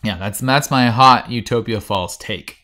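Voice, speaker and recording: A man's voice: fairly low pitch, unhurried, pushed and bright. A man hosting a podcast, recapping a TV show in a rambling casual chat full of fillers and restarts. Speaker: podcast host.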